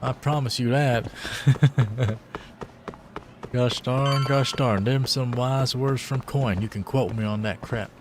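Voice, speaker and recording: A man's voice: mid-range voice, a little slow, background noise. A man joking loosely in slang while live-streaming a game. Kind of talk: casual live-stream commentary.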